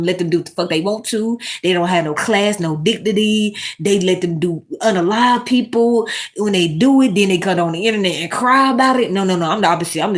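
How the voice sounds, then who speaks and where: A woman hosting a casual commentary monologue, animated and swearing, talking straight to her viewers. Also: medium pitch. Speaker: commentary host.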